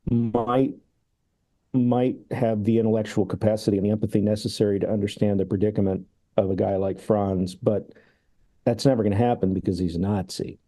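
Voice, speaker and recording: A man's voice: lowish voice, warm tone. A man in casual film talk, rambling and laughing, acting out remembered sketches. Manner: rambling, laughs often, acts out quoted sketches. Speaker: podcast co-host discussing films.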